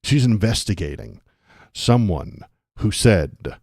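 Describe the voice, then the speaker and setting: Brief: male political streamer, low voice, dry close mic, ranty and sarcastic, laughs along with chat. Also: expressive, takes it slowly, mellow, husky, no echo. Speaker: political livestream host. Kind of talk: ranting livestream commentary.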